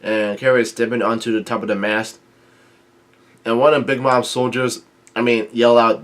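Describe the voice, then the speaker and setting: Man, casual manga recap vlogger, halting delivery full of ums, mid pitch. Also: flat delivery, a bit bright. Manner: halting, with frequent ums and restarts. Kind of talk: casual chapter reading and recap.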